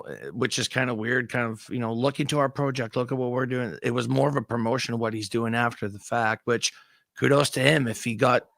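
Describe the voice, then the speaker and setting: A man's voice: medium pitch, gravelly, a bit bright, no room sound, clean studio sound. A male co-host in casual livestream chat, speaking bluntly and skeptically over a video call as the devil's advocate.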